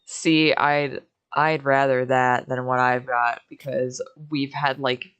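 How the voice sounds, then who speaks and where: Sleepy young woman, slow chat. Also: rumbling low, little pitch movement, fairly bright tone, clear, resonant tone. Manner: laughs often, yawning and sleepy. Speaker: streamer co-host. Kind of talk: casual chat while gaming.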